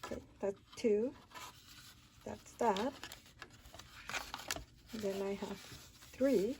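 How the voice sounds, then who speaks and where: A woman's voice: mid-range voice, drawn-out words. A woman hosting a casual paper-craft tutorial, chatting and counting aloud as she folds and cuts, recorded with noise and handling clicks. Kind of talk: casual hands-on craft demonstration.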